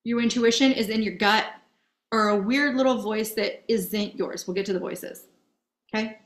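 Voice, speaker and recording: A woman's voice: mid-range voice, normal speed. A young woman coaching in a casual, candid masterclass, swearing freely and checking in with "okay?" often. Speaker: dating and self-help coach.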